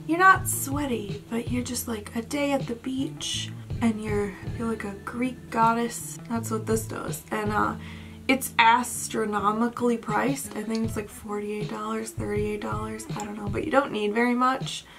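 A young woman rambling through a casual chat, often stopping to doubt how a name is said. Her voice sits a little high, with a strong gravelly fry, and clear music plays behind her. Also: fairly even intonation, a little slow, a bit bright. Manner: chatty, rambling, unsure of pronunciations. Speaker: vlogger. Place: indoors at home at night.

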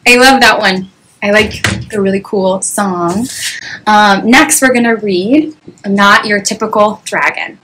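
A woman reading a children's picture book aloud, animated, with lots of exclamations. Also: medium pitch, measured pace, slight background noise, poor audio. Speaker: children's story reader.

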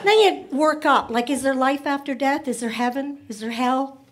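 High-voiced woman doing stand-up. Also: very noisy. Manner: chatty, rapid shifts into voiced asides. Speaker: stand-up comedian. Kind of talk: stand-up comedy set. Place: comedy club stage before a laughing audience.

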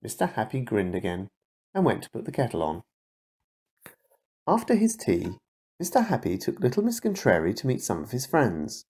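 Husky dad reading a bedtime story. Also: male voice, medium pitch. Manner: slow, emphatic read-aloud with lively ups and downs. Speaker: parent reading to a toddler. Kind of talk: children's storybook read-aloud.

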